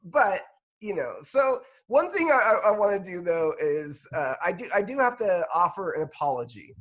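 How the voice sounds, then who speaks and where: A man's voice: high-pitched, big pitch swings, normal speed, fairly bright tone. A man co-hosting a podcast, chatting casually about football in a rambling, self-deprecating way. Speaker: podcast co-host.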